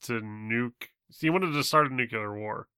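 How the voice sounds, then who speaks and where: Male panelist, smooth bright tone, dry mic, thoughtful and hesitant. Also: mid-range voice, measured pace, dry recording. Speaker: podcast co-host. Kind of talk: casual chat.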